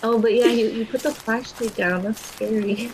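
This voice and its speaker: A young woman calmly chatting and giving hints while a friend plays a horror game. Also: fairly high pitch, normal speed, noisy background. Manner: calm, teasing, gives hints. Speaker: gamer watching a friend play. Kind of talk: casual gaming chat.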